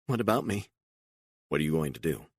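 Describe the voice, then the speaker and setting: A man's voice: a bass voice, animated, a little fast, no room sound, studio quality. A man voicing a frightened, emotional woman on the run, pleading and incredulous and raising her voice often, in an audiobook. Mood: tearful.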